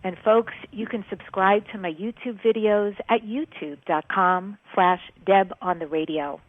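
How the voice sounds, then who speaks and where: A woman's voice: mid-range voice, steady tone, measured pace, dry recording. A woman hosting a radio talk show, interviewing a guest and then wrapping up with plugs and sign-offs. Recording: tinny phone-line sound.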